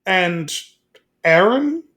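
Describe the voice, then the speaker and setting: High-pitched male co-host, relaxed chat, curious questions and short stories. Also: extremely slow. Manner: conversational, asks questions, recounts anecdotes. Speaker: podcast co-host. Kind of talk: casual chat.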